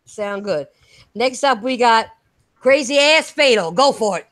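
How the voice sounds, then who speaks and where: Irish woman, podcast host, brash and excitable, swears freely, voice sits a little high. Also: a little slow, dry recording. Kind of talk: live gaming podcast chat.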